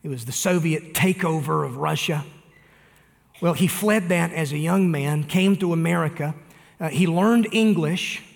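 A pastor delivers a sermon in a somewhat high male voice, pressing his points earnestly and turning straight to the congregation. His words ring out with a long reverb, as from a large hall. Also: a little slow, gravelly. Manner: earnest preaching with direct appeals to listeners.

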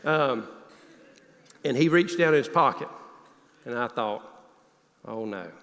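A man preaching a sermon, telling a personal story in an earnest voice that often drops low and quiet. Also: expressive, slow pace. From Northeast Alabama. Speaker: pastor. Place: church sanctuary. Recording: long hall reverb.

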